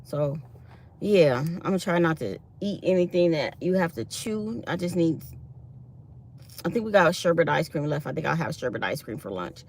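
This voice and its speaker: A woman's voice: sits low, animated, normal speed, a little mellow, a little hiss or hum. A woman chatting casually to her viewers, animatedly retelling her day. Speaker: vlogger.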